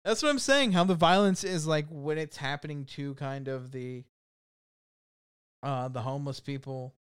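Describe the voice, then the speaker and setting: A man's voice: a little high, normal speed, clear, resonant tone. A young man co-hosting a podcast, casually and animatedly retelling movie scenes with frequent laughter. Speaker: podcast co-host.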